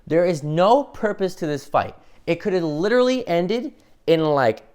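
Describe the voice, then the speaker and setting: A man giving a casual, profane film review, ranting with exasperation and breaking into quick impressions of the characters. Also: high voice, lively intonation, a little mellow, smooth.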